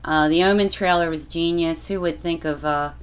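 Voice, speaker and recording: A woman's voice: low voice, steady tone, moderate pace, smooth. A woman calling in to a podcast, chatty and rambling with many ums. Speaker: caller. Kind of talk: casual chat.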